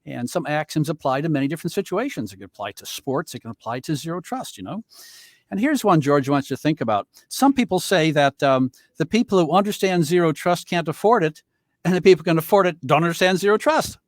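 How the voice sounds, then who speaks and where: Fast-talking and animated, a man with a fairly high voice moderates an online panel over a video call, teasing his guests with playful jokes as he introduces them. The studio-quality recording has no room sound.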